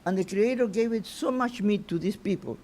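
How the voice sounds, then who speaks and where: A man teaching an informal Torah lesson as a rabbi, halting and restarting his phrases and often asking "you know?". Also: high voice, darkish tone.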